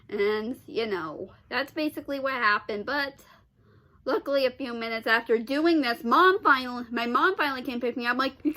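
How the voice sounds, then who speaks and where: High, bright-voiced woman telling a rambling story. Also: moderate pace. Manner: rambling with many restarts and exasperated sighs and "ugh"s. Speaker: vlogger. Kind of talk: casual storytelling.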